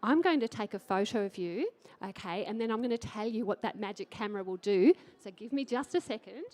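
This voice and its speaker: A woman's voice: medium pitch, expressive, fairly quick, a little mellow. A middle-aged woman with an Australian accent giving an enthusiastic, chatty conference talk on trading and putting questions to the audience. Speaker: trading educator and conference speaker. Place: conference stage before an audience.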